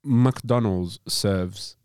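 A man's voice: fairly low pitch, drawn-out words, darkish tone, slight background noise. A young man co-hosting a comedy podcast, sharing odd facts and defending them when challenged. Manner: defensive, argumentative, keeps cutting in. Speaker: podcast co-host. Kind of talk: casual comedic banter.

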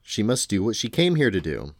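A man's voice: fairly low pitch, big pitch swings. Man voicing a drowsy riddling tomcat. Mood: drowsy cryptic. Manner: slow, lazy and cryptic. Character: drowsy aloof male talking cat, speaks in riddles. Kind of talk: storybook read-aloud.

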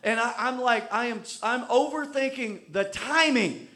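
A man preaching. His voice sits high for a man, and he mixes self-deprecating anecdotes with emphatic, repeated lines of sermon. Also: unhurried, sharp tone. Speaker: pastor.

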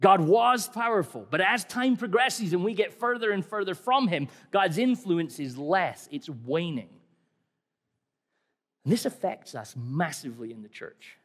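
A man's voice: sits high, expressive, unhurried. A middle-aged man preaching a sermon in a conversational, wry way, asking many rhetorical questions. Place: church hall. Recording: long hall reverb.

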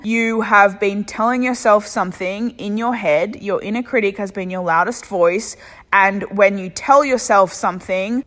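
A woman's voice: mid-range voice, fairly bright tone, big-room sound. A young Australian woman hosting a solo self-help podcast, talking bluntly and motivationally and swearing freely. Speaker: podcast host.

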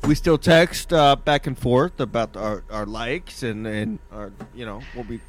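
Hosting a crude, casual talk show, a man teases his guest in mock-serious fashion. His mid-range voice moves a little slowly and sometimes cracks when he gets excited.

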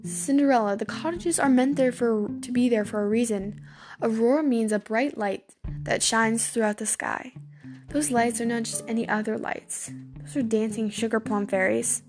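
A woman's voice: on the high side, normal speed, darkish tone, faint music behind, natural voice. A woman voicing Cinderella's mother, earnest and motherly, explaining things patiently. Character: Cinderella's mother, gentle, wise and urgent.

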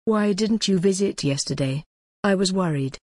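Lady reading as a soft low-voiced kind woman, warm and breathy. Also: moderate pace, dry recording, close to an everyday voice. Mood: gentle.

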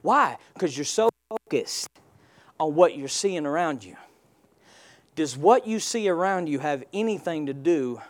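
A man's voice: fairly high pitch, lively intonation, a little slow. A male pastor preaching a sermon, firing rhetorical questions and call-and-response prompts at his congregation.

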